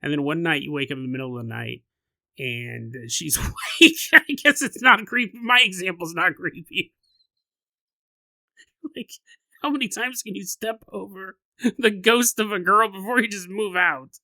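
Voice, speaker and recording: A male podcast host telling a story casually on a close mic, animated and laughing often as he riffs. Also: sits high, normal speed, vocal fry, dry recording.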